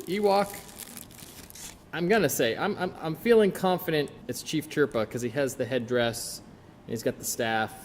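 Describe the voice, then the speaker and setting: A man's voice: fairly high pitch, darkish tone, a little hiss or hum. Chatty, upbeat man in a roomy space. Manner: chatty, enthusiastic, self-deprecating. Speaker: podcast host. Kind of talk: casual solo podcast, unboxing.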